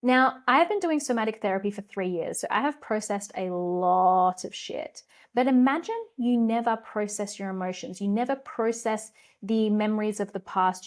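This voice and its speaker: A woman's voice: medium pitch, darkish tone. A woman hosting her own podcast, giving a passionate, earnest motivational talk with frank, casual swearing. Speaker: podcast host and coach.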